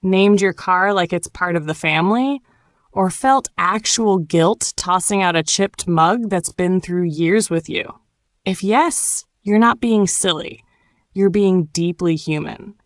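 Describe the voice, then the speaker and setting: A woman reading a scripted narration for English learners, measured and reflective, delivered in short phrases. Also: lowish voice, no room sound, studio quality. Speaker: podcast narrator.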